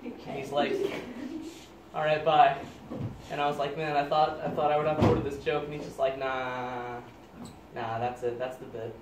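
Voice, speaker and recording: A young man improvising an absurd story out loud, deadpan and halting, often cracking up at his own lines. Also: mid-range voice. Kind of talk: rambling improvised comic story. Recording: echoey room, distant mic, loud noise.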